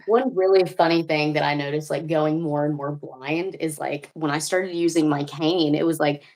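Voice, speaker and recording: A woman's voice: low-pitched, steady tone, moderate pace, darkish tone. A young woman chatting casually, telling stories with lots of laughter and fillers. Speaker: co-host in a conversation. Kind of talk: casual chat.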